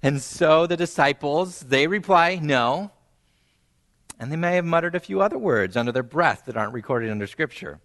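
A man preaching a sermon, animated and storytelling, acting out quoted voices and softly repeating key phrases for emphasis. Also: normal speed. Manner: animated, acts out quoted voices with big pitch jumps. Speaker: pastor.

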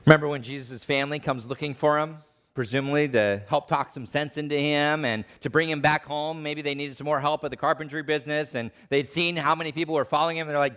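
A man preaching a sermon, animated, acting out the voices of the people he quotes. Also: a little high, quick pace, clear, resonant tone.

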